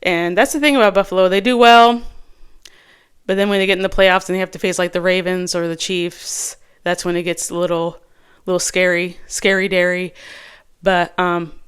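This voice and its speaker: A female host discusses her fantasy football choices in a relaxed solo chat, rambling and frequently restarting or using fillers. She speaks at normal speed in a fairly low, clean voice with fairly even intonation.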